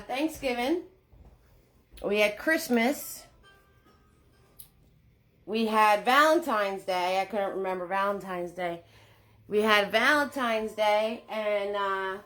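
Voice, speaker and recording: A woman's voice: mid-range voice, a bit bright. A woman hosting a live painting lesson, chatty and upbeat, greeting viewers by name as she gives steps. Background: faint Irish music.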